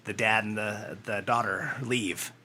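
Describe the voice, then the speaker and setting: A man co-hosting a movie podcast in casual chat, agreeing quickly and filling in plot details. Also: fairly low pitch, steady tone, pushed and bright. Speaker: podcast co-host.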